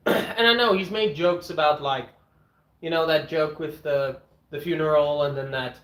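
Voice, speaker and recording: A man streaming from home with his dogs, chatting casually as he eats, blunt and opinionated, clearing his throat often. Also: a little high, unhurried, a bit bright. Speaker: streamer eating on camera and answering chat. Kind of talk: casual rambling chat and rant. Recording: echoey room.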